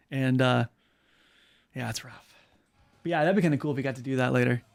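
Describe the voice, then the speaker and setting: A man's voice: medium pitch, brisk, vocal fry, long pauses. A man hosting and casting a game tournament stream, talking in a rambling, joking way with plenty of fillers. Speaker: host and caster. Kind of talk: casual esports shoutcasting stream.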